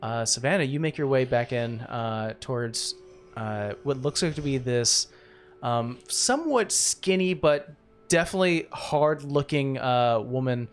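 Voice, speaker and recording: A man's voice: mid-range voice, animated, a little slow, soft background music. A man narrating as game master in a tabletop game, rambling with many fillers.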